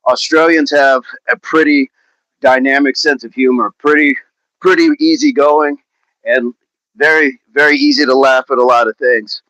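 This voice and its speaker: A man's voice: mid-range voice, fairly even intonation, moderate pace, fairly bright tone, dry recording. Chatty man hosting a fitness livestream. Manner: chatty, reads viewer comments aloud, playful. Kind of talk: casual livestream chat while stretching. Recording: dull lo-fi sound, dry.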